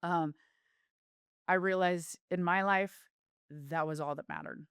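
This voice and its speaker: Middle-aged woman, interview guest, earnest heartfelt storyteller, smooth clean voice. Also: fairly low pitch, steady tone, slow, fairly bright tone, dry recording, clean studio sound. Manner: earnest, heartfelt, with vivid retelling. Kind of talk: personal storytelling in a podcast interview.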